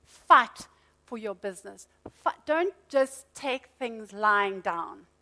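A middle-aged woman preaching a sermon, lively and conversational, with asides to the congregation. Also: on the high side, takes it slowly.

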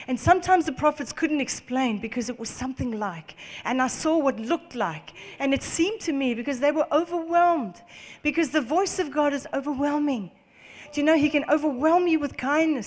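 A woman preacher delivers a lively sermon in a fairly high voice. She reads scripture aloud, stops to comment on it, laughs often and repeats key phrases for emphasis. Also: normal speed, slightly rough, long reverb tail.

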